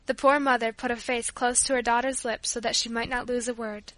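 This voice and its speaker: A woman narrating a story aloud in a soft, solemn reading style. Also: a little high, little pitch movement, brisk, hardly any pauses, no echo. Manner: soft, solemn reading with sung hymn lines. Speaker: audiobook narrator.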